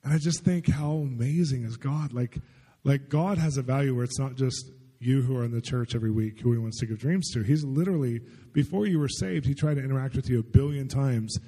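Husky-voiced man preaching in a hall. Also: medium pitch, brisk. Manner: excited, rambling storyteller with many fillers. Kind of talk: sermon testimony storytelling. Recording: long hall reverb.

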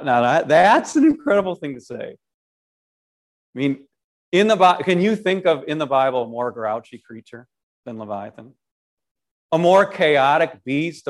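Slow, high-voiced animated man preaching. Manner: animated, many restarts and repeated words, rhetorical questions. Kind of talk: short devotional sermon.

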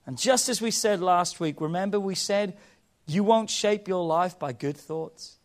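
A man preaching a sermon as pastor, swinging between loud emphatic peaks and hushed low endings and calling on the congregation to respond. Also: a little slow. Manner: impassioned, calls for congregation response.

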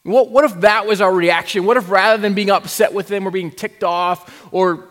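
A man's voice: high voice, fairly even intonation, normal speed, a bit bright. A male pastor delivers a sermon in a slightly raised register, mixing rhetorical questions with wry, self-aware asides. The sound carries a long, lingering reverb, as if picked up in a large church sanctuary.

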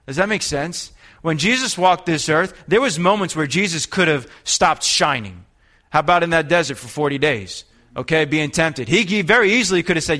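Bright-voiced male preacher, animated. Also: on the high side, normal speed. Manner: animated preaching, acts out quoted voices, rhetorical questions. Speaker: pastor. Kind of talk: sermon.

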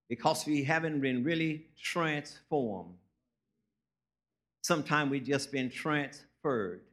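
A man's voice: a little high, a bit bright. A man, preaching a sermon as a guest preacher, telling folksy stories and rising into emphatic preaching.

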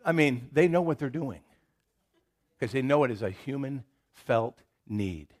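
A man with a Southern American accent preaching to his congregation in a relaxed, chatty way. He laughs easily, restarts his sentences and slips into quick acted-out quotes of people. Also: medium pitch. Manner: conversational, laughs often, restarts and acts out quotes. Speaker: pastor. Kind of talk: sermon.

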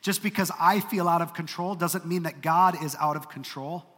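A male pastor preaches in an emphatic, earnest way and slips in dry joking asides. His voice sits a little high for a man, and a long hall reverb trails every phrase. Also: moderate pace, a bit bright. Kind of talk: sermon.

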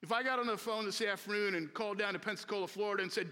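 A man, a pastor, preaching a sermon slowly and earnestly with emphatic repetition, in a church sanctuary. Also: high voice, bright, forceful tone. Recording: long reverb of a large hall.

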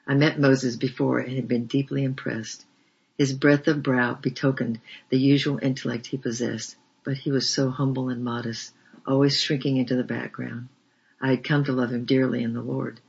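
A man narrating a memoir as an audiobook reader, with a measured, flat delivery. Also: mid-range voice, vocal fry, slightly rough. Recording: dull lo-fi recording.

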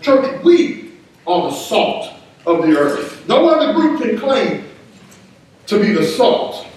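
High-voiced man, preaching, echoing hall, distant mic. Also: very animated, slow, a little mellow. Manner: emphatic, repeats words for stress. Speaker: pastor. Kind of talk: sermon. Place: church sanctuary. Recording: echoey room, mic at a distance.

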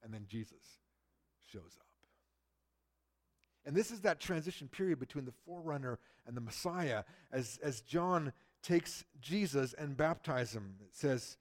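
A middle-aged man preaching a sermon, who swings from loud emphasis to a hushed near-whisper. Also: mid-range voice, unhurried. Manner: acts out quoted people in lively voices. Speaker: pastor.

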